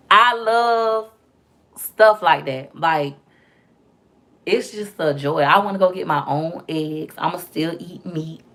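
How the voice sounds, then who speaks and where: A young woman vlogger chatting casually to camera, telling animated stories full of slang and asides. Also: fairly low pitch, takes it slowly.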